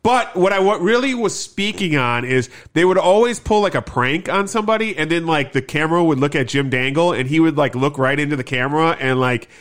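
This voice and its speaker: A man's voice: fairly high pitch, expressive, brisk, hardly any pauses, fairly bright tone. Man, podcast co-host, casual chat, rambling, loose, profane, lots of fillers.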